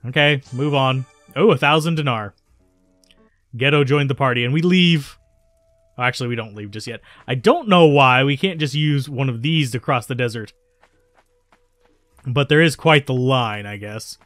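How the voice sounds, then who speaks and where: A man's voice: medium pitch, moderate pace, long pauses, fairly bright tone, no room sound. A man hosting a let's play, commenting casually on the game and correcting himself as he goes. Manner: chatty, self-correcting. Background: faint game music.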